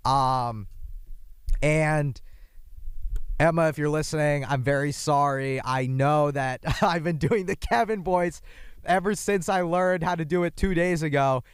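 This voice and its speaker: A young man hosting a podcast, his voice hoarse from yelling, rambling in a casual, self-deprecating monologue with jumpy asides. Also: on the high side, measured pace, no room sound, studio quality. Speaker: podcast host. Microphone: microphone.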